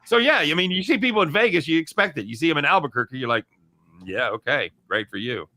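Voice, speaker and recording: A man with a mid-pitched, bright voice talks as a guest on a sports betting show. He chats loosely, swears now and then, and tells anecdotes. The recording sounds dry, with no room echo. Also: expressive, quick pace. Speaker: guest handicapper. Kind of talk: casual chat.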